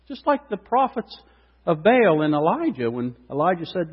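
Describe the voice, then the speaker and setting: Husky guy preaching, high lively voice, acts out the dialogue, echoey muffled hall. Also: normal speed. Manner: animated storytelling, acts out biblical dialogue. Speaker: pastor. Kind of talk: sermon. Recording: muffled hall with long reverb.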